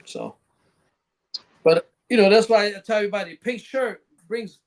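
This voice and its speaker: Man, high voice, casual, profane, rambling, laughs often, podcast guest. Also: moderate pace. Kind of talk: casual storytelling chat.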